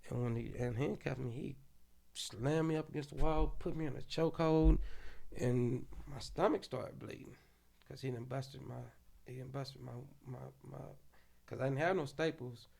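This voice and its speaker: A podcast guest from Oklahoma City tells a story in animated, casual speech loaded with slang and profanity. His voice is medium in pitch and creaky, at a normal speed.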